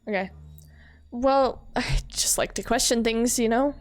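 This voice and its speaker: A woman's voice: fairly high pitch, measured pace. A young woman streaming a game, chatting playfully with her viewers and laughing often. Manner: playful, giggly, teasing the chat. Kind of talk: casual live-stream chat while playing a game.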